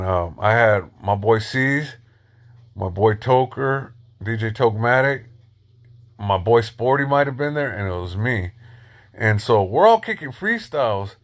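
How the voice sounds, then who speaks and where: A middle-aged man spinning a long story on a live stream, speaking in relaxed street slang. He pauses with plenty of "um"s and "you know"s and stops now and then to shout out people watching. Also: mid-range voice. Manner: loose street slang, many fillers, shouts out viewers.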